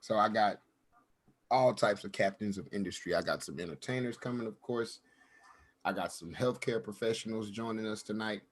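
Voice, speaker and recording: A man's voice: fairly low pitch, normal speed. Male host, laid-back slangy joker, casual video call show. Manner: loose, joking, slangy. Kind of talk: casual chat.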